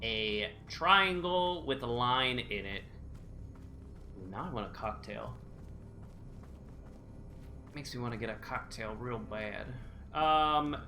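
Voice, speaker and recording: A man's voice: mid-range voice, lively intonation, slow pace, pauses often, pushed and bright. A man streaming a video game live, keeping up a jokey, nervous running commentary to himself. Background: game music.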